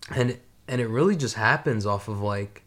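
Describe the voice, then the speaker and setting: A man's voice: lowish voice, normal speed, a bit bright. Laid-back young man rambling with fillers. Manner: rambling, lots of fillers and swearing. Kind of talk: casual chat.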